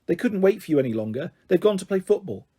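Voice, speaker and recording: A man's voice: high voice, quick pace, breathy edge, heavily acted. A man voicing a blunt, matter-of-fact girl, the older sister, in a storybook reading. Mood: deadpan. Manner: plain, matter-of-fact, deadpan.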